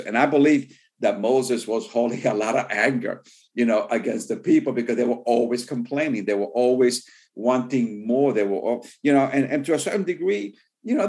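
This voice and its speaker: A man of ordinary pitch preaches through a Bible passage in a relaxed, conversational manner. He leans on "you know" between thoughts and slows down deliberately whenever he reads scripture aloud. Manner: conversational, heavy use of "you know" fillers. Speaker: pastor. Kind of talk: sermon Bible teaching.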